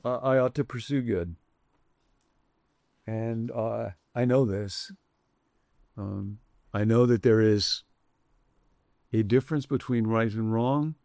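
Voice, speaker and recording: A man delivers a conversational sermon in a gravelly, mid-pitched voice. He preaches in a reflective way with shifting emphasis, recorded dry and close. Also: slow, pauses often, darkish tone, no echo. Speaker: pastor.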